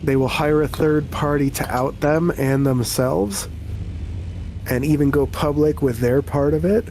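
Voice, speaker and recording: A male game master narrating a tabletop game in a loose, rambling style and swearing freely. His voice sits a little high for a man, with a faint noise floor underneath. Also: unhurried, darkish tone. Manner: casual, rambling, profane.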